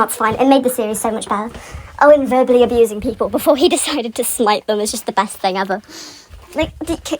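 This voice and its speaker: Woman, high voice, casual fan rant, rambles off on tangents and laughs often, faint background hiss. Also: a little mellow, low-quality recording. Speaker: fan commentator.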